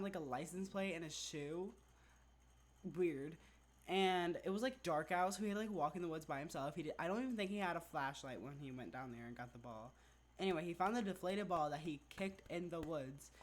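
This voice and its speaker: A vlogger telling a story in casual storytime-vlog chat, rambling and animated, packing in "like" constantly. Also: mid-range voice. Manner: rambling, filler-heavy, says "like" constantly; chatty, animated retelling.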